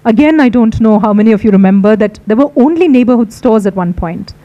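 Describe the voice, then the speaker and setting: A woman's voice: on the high side, lively intonation, fast talker, dark tone, lo-fi sound. A middle-aged woman with an Indian English accent, a book editor giving a conversational, reflective public lecture with anecdotes.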